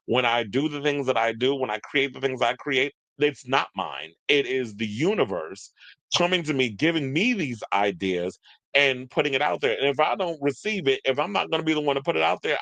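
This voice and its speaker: A man's voice: mid-range voice, creaky, fairly bright tone, no echo. A man giving casual, opinionated celebrity news commentary, chatty and full of rambling asides. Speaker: entertainment commentator.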